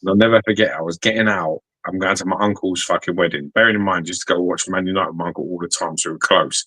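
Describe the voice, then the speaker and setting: A man's voice: low voice, steady tone, very fast, bright, forceful tone, slightly rough, dry recording, low-quality recording. A man, co-hosting a podcast and telling profane stories in casual chat. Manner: profane storytelling, swears constantly. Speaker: podcast co-host.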